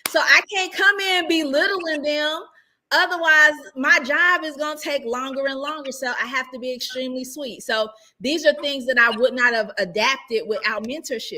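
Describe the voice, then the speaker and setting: Woman, real estate investor talking through her experience; bright tone, a bit higher than usual, lively and emphatic. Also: moderate pace. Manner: emphatic, animated, asks rhetorical questions. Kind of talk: casual conversational advice.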